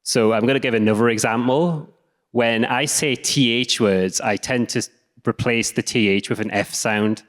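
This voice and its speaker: A man's voice: mid-range voice, fairly even intonation, moderate pace. English man giving a talk in an echoey hall. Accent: English regional. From England. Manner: self-deprecating, conversational. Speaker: speaker. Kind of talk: live comedic talk. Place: stage in a hall.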